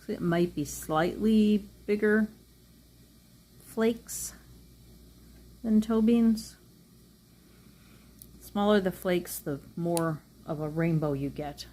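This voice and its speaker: A woman's voice: fairly low pitch, slow pace, pauses often, warm tone. A woman chatting casually as she reviews nail polish, rambling with frequent ums.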